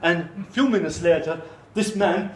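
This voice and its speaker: A man with an Irish accent telling a folk tale live in an animated way, full of comic asides. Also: high voice, moderate pace, roomy sound, poor audio. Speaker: storyteller.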